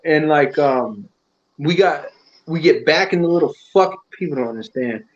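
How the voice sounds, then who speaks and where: A man telling army stories to old friends in a casual chat, profane and animated, acting out what others said. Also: on the high side, normal speed, dull audio. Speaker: army veteran reminiscing. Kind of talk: casual storytelling among friends.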